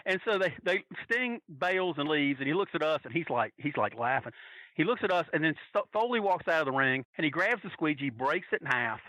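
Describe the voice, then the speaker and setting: A man from North Carolina casually telling a story as a podcast guest, animatedly acting out quotes in a higher voice. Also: animated, brisk, sharp tone, dry recording, low-quality recording. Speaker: podcast guest, wrestling fan.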